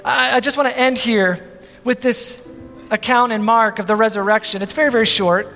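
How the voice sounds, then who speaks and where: A man with a very high voice preaches in a church, pressing the point with rhetorical questions and acting out the scenes he describes. His voice rings through a long, reverberant hall, with soft music playing underneath. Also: steady tone, normal speed. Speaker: pastor. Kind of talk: sermon.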